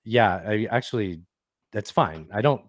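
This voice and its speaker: Rambling swearing podcast co-host, dry sound. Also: male voice, on the low side, expressive, unhurried, no room sound. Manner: rambling, swears often, reads listener review aloud. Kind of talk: casual podcast banter.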